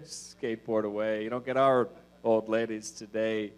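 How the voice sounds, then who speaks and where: A man's voice: lowish voice, level tone, normal speed, clean tone. Loose, profane male stand-up comic. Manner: loose, profane, meandering delivery with many fillers. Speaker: stand-up comedian. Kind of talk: stand-up comedy set.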